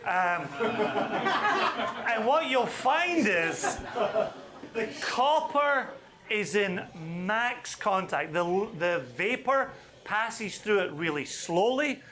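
A man leading a whisky tasting for a live audience, chatty and enthusiastic with quick asides. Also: high voice, very animated, a crowd in the background.

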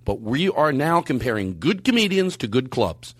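A man hosting a podcast in casual chat, rambling and animated, jumping his voice up high when he quotes people. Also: moderate pace, no room sound. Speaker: podcast host. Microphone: studio mic.

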